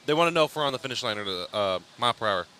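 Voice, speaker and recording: A man's voice: medium pitch, expressive, rapid-fire, bright, forceful tone, smooth. A man co-hosting a live race stream, chatting casually and passing along viewer comments. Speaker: co-host reading viewer chat. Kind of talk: casual chat. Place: at a racetrack.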